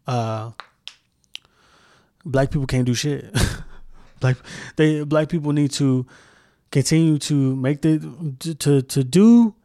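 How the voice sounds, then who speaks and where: A man's voice: fairly high pitch, slow pace, pauses often, mellow, dry recording, clean studio sound. A man hosting a solo podcast, ranting heatedly and with heavy profanity, often restarting sentences as he searches for words. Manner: heated, profane, repeats himself. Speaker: podcast host.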